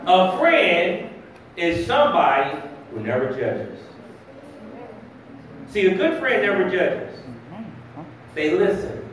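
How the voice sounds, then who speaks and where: A man preaching in a church with a very high voice for a man, plain-spoken and full of slang as he teases the congregation. The sound is very echoey and picked up from well back from the mic, with faint music behind him. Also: a bit bright, slight background noise. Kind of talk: lively sermon. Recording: very echoey hall, mic far off.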